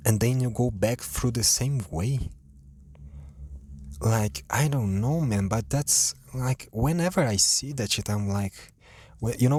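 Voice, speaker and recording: A man's voice: lowish voice, dry recording, studio quality. A man hosting a casual solo podcast from home, rambling in a profane, self-deprecating way. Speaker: podcast host. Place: home, at his computer.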